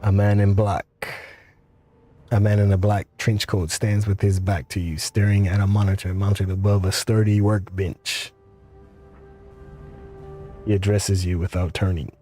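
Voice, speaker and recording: A man streaming a game, reading its text aloud in a steady, even way. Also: fairly low pitch, unhurried, long pauses, soft background music.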